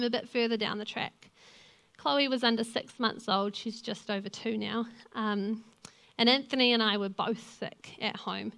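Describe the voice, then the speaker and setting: A woman's voice: on the high side, gravelly, fairly bright tone. Earnest young New woman preaching. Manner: earnest, conversational, personal. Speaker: lay preacher and youth leader. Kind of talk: sermon with personal stories.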